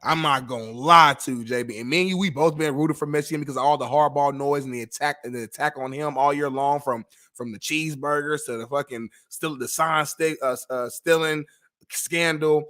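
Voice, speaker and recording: Animated sports show co-host. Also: male voice, a little high, a little fast. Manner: animated, reactive, profane, reads viewer messages aloud. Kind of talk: casual sports talk banter.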